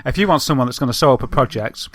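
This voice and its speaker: A man's voice: medium pitch, expressive, racing, fairly bright tone, slight background noise. A man with a Northern English accent, co-hosting a casual podcast and rambling through stories with plenty of fillers. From Northern England. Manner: chatty, rambling storyteller with many fillers. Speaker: podcast co-host. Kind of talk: casual chat.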